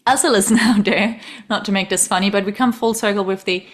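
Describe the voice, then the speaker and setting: A woman's voice: mid-range voice, fast. A woman hosting a podcast, chatting casually and emphatically, laughing often and speaking directly to listeners. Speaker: podcast host. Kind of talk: casual conversational podcast chat.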